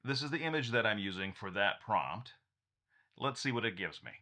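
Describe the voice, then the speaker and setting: A man's voice: fairly low pitch, very animated, moderate pace, pushed and bright. A man walking viewers through a tech tutorial in a casual, upbeat way, chuckling often and restarting his sentences. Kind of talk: casual screen-share tutorial.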